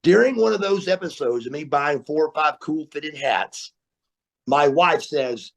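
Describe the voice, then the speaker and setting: A man guesting on a podcast, telling stories in an animated way, repeating words and laughing as he goes. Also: fairly high pitch, measured pace, gravelly. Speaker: guest, former wrestler. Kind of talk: storytelling interview. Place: remote interview, podcast.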